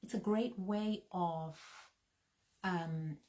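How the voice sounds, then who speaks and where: A woman talking casually with her husband as co-host, chatty and unhurried, with frequent ums. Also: lowish voice, a little mellow. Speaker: co-host, business partner. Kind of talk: casual chat.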